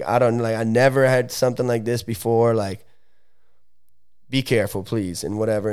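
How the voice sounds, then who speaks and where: Man from Italy, young adult, podcast guest, slangy rambling storytelling, smooth clear voice. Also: on the low side, a little mellow. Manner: loose, slangy, many fillers and restarts. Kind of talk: casual storytelling.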